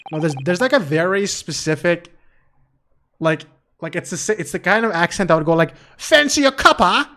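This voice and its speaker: A man's voice: on the high side, fairly quick, fairly bright tone. Swearing, self-mocking male game streamer. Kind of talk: casual game let's-play commentary. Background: background music.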